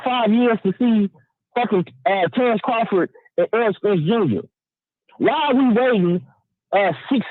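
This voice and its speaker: A man's voice: sits high, no room sound. A man calling in to a sports talk show, giving a heated, profane opinion rant. He stammers through restarts and keeps checking in with the listener. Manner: emphatic, profane, stammering restarts, keeps asking "you know what I'm saying". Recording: dry tinny phone line.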